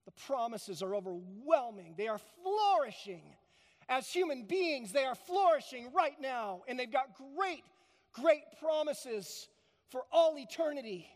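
High-voiced man preaching in a reverberant hall. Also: very animated, unhurried. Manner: emphatic, repeats key phrases for stress. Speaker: pastor. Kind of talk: sermon.

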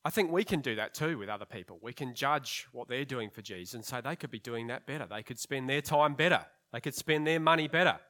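A man's voice: medium pitch, expressive, brisk, hardly any pauses, sharp tone. Conversational man preaching with wry asides. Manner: rhetorical questions. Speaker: pastor. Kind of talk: sermon.

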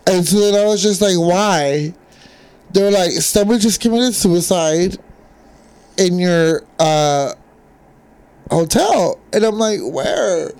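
A young woman in casual chat among friends, telling a story in an animated, profane way. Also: fairly low pitch, slow, long pauses.

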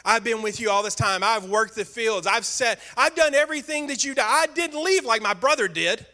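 A resentful older brother, indignant and aggrieved, as a preacher acts him out. The voice is high, bright and forceful, pressing each complaint hard in a sermon retelling. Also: male voice, lively intonation, normal speed, exaggerated voice.

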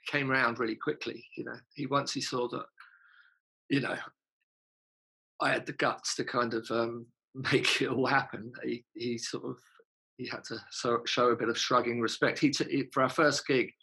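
Musician guest, gravelly husky voice, chatty storyteller with lots of swearing. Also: male voice, mid-range voice, bright, forceful tone, rough recording. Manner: chatty, laughing, swears freely. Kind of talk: casual anecdotal storytelling.

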